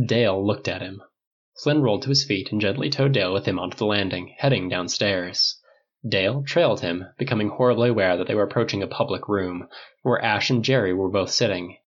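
A man's voice: fairly low pitch, husky, lo-fi sound. A man reading a novel aloud as narrator, voicing the dialogue of several characters without much change to his own voice. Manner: reads dialogue for several characters in a mostly unchanged voice. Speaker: audiobook narrator.

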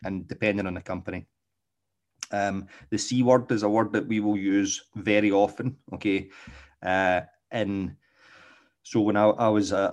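This is a Scottish man from Glasgow, middle-aged and working as a dog trainer, whose fairly low, darkish voice carries a Glaswegian accent. He rambles casually on his own, frequently adding "okay?" to check his listener is following.

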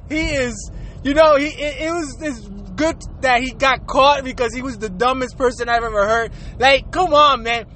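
High-voiced blunt man ranting. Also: a bit bright, a little hiss or hum. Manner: blunt, profane, laughing often. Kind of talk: casual rant.

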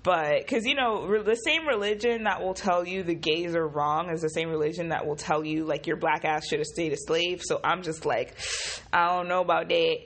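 A young woman records a casual vlog, groggy from just waking up. Her voice sits low and husky. She rants with animated exasperation and plenty of swearing. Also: normal speed. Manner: profane, animated, exasperated ranting. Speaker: vlogger.

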